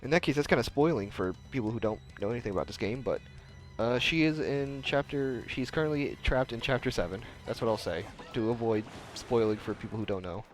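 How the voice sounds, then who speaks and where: A man's voice: mid-range voice, brisk, soft background music. A young man casually commenting while live-streaming a game, chatting with viewers and reading on-screen dialogue aloud. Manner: chatty, answers chat, reads dialogue aloud in voices. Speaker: streamer playing a video game.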